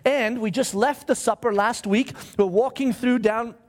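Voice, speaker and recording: Animated high-voiced male pastor. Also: moderate pace. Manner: animated storytelling with acted-out voices. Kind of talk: sermon.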